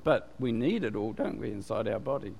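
A man's low-leaning voice is creaky, slightly mellow and a bit breathy, with lively intonation and a slightly fast pace. Preaching as pastor in a church, he gives a chatty, conversational sermon, often questioning the congregation and awaiting answers. The sound has a long hall reverb.

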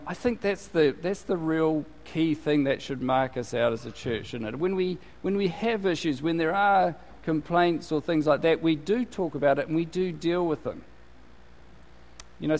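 A man delivers a sermon in an easy, conversational way, often restarting his sentences and filling gaps with "um" and "you know." His voice sits a little high for a man. It carries a long reverb, as if spoken in a large church hall. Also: darkish tone. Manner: conversational, with many fillers and restarts. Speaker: pastor.

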